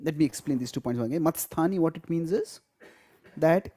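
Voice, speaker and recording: Guy teaching a scripture class, warm mellow tone, leans hard on key words. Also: fairly high pitch, brisk. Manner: explains step by step, stresses key words, laughs often. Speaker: spiritual teacher. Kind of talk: lecture on scripture to a live class.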